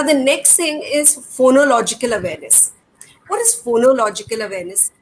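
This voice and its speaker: A middle-aged woman with an Indian English accent and a high-sitting voice, an educator, patiently demonstrates reading activities for parents and poses rhetorical questions. The audio is poor, with faint background noise.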